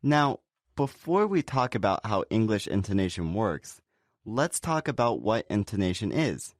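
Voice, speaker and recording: Low-voiced man teaching pronunciation. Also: big pitch swings, measured pace, no room sound, clean studio sound. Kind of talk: scripted lesson dialogue.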